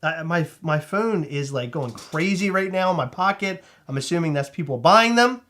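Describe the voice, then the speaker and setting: A man with a Maryland accent hosting a casual livestream, excitable and rambling, laughing often. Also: fairly high pitch, normal speed. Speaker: host.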